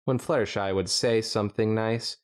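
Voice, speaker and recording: A man's voice: fairly low pitch, steady tone, normal speed. A man co-hosting a podcast, reading fanfiction aloud with playful, jokey asides. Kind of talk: reading aloud with casual chat.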